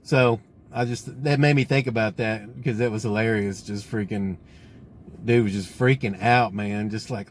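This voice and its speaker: A man's voice: fairly low pitch, steady tone, moderate pace, slight background noise. A middle-aged man, a mobile welder telling rambling stories in a casual vlog, recorded outdoors at a work site. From Tennessee. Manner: rambling, laid-back, laughs at his own stories.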